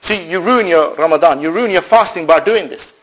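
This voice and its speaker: High-voiced man preaching to a crowd. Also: brisk, rough recording. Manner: rhetorical questions, answered himself; animated, swings between loud and soft. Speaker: Islamic preacher. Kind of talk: sermon to a live audience.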